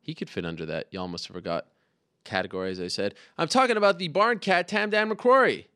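A man's voice: sits high, very animated, fast, pushed and bright, no room sound, clean studio sound. A man hosting an interview show over a headset, upbeat and playful as he introduces a fighter. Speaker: podcast host. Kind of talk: casual interview.

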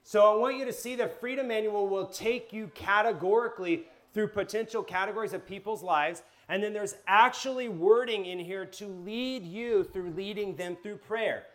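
A man preaches to a live group with energy, firing questions at the room and turning to stories from his own life. His speaking voice sits a little higher than most men's. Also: moderate pace, hardly any pauses. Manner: energetic, asks the audience questions, tells personal stories. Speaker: pastor teaching a class. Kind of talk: sermon-style teaching to a live group.

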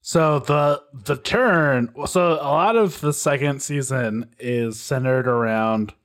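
Man, middle pitch, slow and measured, explains the plot in a casual podcast chat. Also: fairly bright tone.

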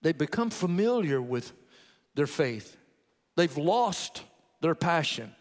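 Male preacher, high tenor, telling a testimony then exhorting; long hall reverb. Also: big pitch swings, slow. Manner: storytelling, quoting a convert's testimony. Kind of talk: sermon.

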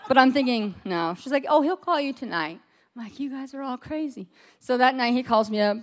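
Animated woman telling a personal story. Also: fairly high pitch, quick pace, a little hiss or hum. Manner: lively storyteller acting out quoted voices, laughs often. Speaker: speaker telling her story to a group.

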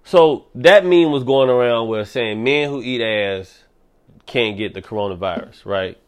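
A young man hosting a solo podcast, ranting in a profane, animated way. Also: mid-range voice, unhurried, smooth. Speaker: podcast host.

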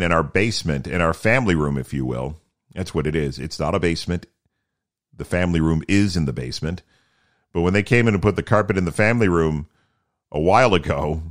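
A man from Canada hosting a casual solo podcast, chatty and rambling with self-deprecating asides, his voice a little deeper from early morning. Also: a bit bright. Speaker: podcast host.

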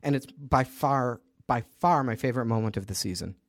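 A man co-hosting a podcast, speaking haltingly in casual chat with many pauses and restarts. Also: medium pitch, dry recording, studio quality. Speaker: podcast co-host.

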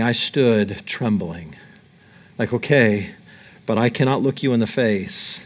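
Animated preacher man, fairly high voice. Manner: animated, reads scripture aloud and acts out Daniel's terror. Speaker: pastor. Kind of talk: sermon.

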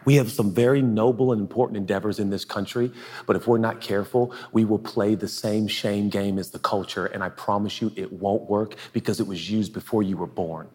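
Pastor guy preaching, low husky voice, long echo off a big auditorium. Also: steady tone, brisk. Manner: earnest, conversational preaching with sudden hushed asides. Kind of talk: sermon. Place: large auditorium.

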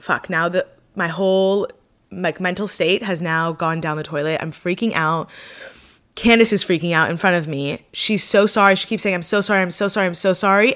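In a casual, animated vlog, a young woman tells a personal story packed with fillers and dramatic self-mockery. Her pitch is fairly low.

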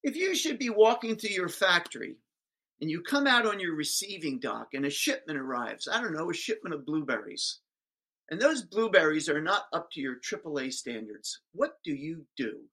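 A man voicing a woman school superintendent, polite and sweet but pointed and forceful. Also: on the high side, very animated, normal speed, exaggerated voice.

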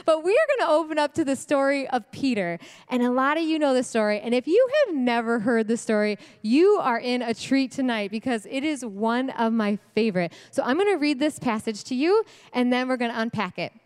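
A woman delivering a sermon at a women's event, animated and slangy, laughing often. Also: high voice, brisk, hardly any pauses, clean tone. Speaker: speaker at a women's ministry event. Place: church event hall. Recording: long hall reverb.

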